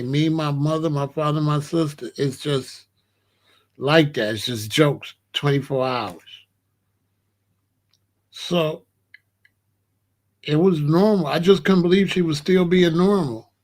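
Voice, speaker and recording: A man hosting his own show, telling a personal story with lively, laughing delivery. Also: fairly high pitch, a little slow, long pauses. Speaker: show host.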